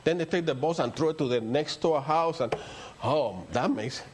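A man's voice: a little high, moderate pace, a little mellow, slightly rough. An older man with a Spanish accent, a native Spanish speaker, preaching a rambling, story-filled sermon that builds to emphatic peaks. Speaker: pastor.

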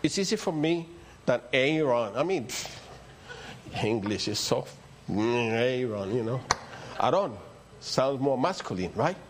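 A man's voice: medium pitch, animated, unhurried, crowd noise. An older man with a Spanish accent, a native Spanish speaker, preaching a rambling, story-filled sermon that builds to emphatic peaks. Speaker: pastor.

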